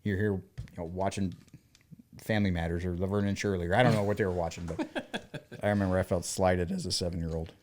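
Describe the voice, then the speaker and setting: A man's voice: sits low, a little fast, slight background noise. A man in his thirties from the American South, co-hosting a podcast in casual chat and telling stories by acting out the things people said. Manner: animated storyteller who acts out quoted dialogue. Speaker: podcast co-host.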